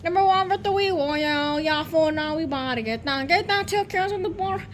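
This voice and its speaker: A woman in a puppet comedy skit, shouting frantic, shrieky exclamations, with noise in the recording. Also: high-pitched, fairly quick. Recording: noisy background hiss.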